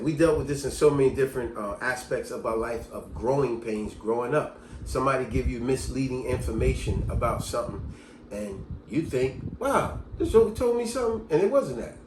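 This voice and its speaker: Animated man telling stories in an echoey room. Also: mid-range voice, a little hiss or hum. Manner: animated storyteller, lively delivery. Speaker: vlogger. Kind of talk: casual storytelling monologue.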